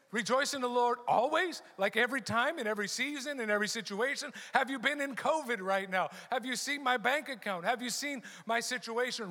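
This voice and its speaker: Bright-voiced pastor in a reverberant hall. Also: male voice, extremely high pitch, fairly quick, hardly any pauses. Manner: emphatic, repeats key phrases. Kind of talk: sermon.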